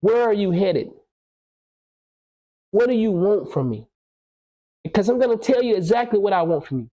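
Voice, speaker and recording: A man's voice: sits high, animated, normal speed, warm tone, highs cut off. Blunt, preachy man in his thirties. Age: 30s. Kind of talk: casual podcast conversation.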